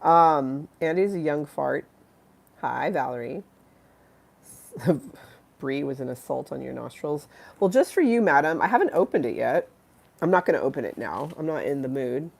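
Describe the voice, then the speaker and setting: A woman's voice: low voice, expressive, normal speed, creaky, pauses often. A congested woman hosting a live stream, rambling and giggly as she chats with viewers and reads the chat aloud. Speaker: livestream host.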